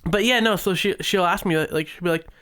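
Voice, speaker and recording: A man's voice: high-pitched, fairly quick, bright, forceful tone, clear, resonant tone. A young man co-hosting a podcast, telling long rambling stories full of fillers and acted-out quotes. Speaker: podcast co-host. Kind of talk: casual chat.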